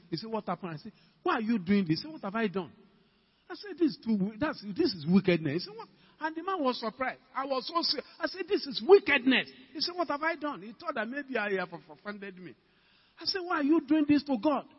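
A man with a Ghanaian English accent preaching a sermon, calling out to the congregation with emphatic questions and rising to shouts. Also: sits high, breathy edge. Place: church hall. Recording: dull, reverberant church hall recording.

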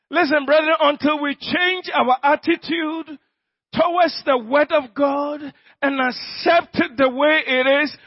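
High-voiced preacher, slow and emphatic. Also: male voice, no echo, highs cut off. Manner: slow, emphatic, repeats phrases, bursts into shouted prayer. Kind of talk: sermon with healing prayer.

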